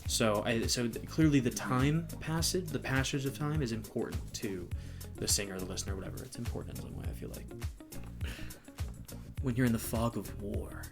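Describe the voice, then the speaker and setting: A man's voice: medium pitch, expressive, moderate pace, creaky. A man co-hosting a music reaction show, thinking aloud and reading out lyrics and notes in casual chat. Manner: rambling, thinks aloud, reads lyrics and annotations aloud.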